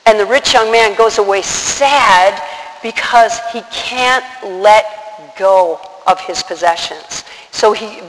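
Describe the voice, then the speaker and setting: A man's voice: high-pitched, a bit bright, long reverb tail, poor audio. A man preaching a sermon, retelling scripture stories and acting out the voices of the people in them.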